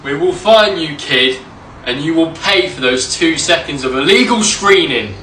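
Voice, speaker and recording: A man voicing an angry male cinema worker chasing a kid, bossy and shouting. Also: fairly high pitch, expressive, moderate pace, distant mic, a little hiss or hum, poor audio. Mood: shouting angrily.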